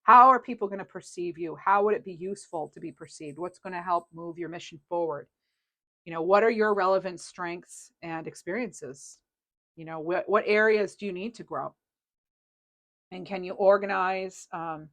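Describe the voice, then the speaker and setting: A woman's voice: fairly low pitch, normal speed, fairly bright tone. A woman reading tarot cards in a casual, rambling and reassuring way, with many fillers. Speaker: tarot reader.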